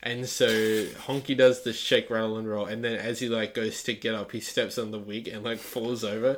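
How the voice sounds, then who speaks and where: This is a young man chatting on a podcast with a fairly low voice. He is dry and teasing with his co-host. He loves dropping fun facts. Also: little pitch movement, normal speed, background noise. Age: young adult. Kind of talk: casual wrestling review chat.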